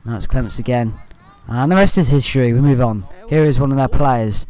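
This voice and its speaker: A man's voice: medium pitch, fairly quick. A man giving a rambling, partisan amateur voice-over commentary on his team's football match, often saying "anyway" to move on. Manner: partisan, with excited bursts at good play. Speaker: fan channel commentator.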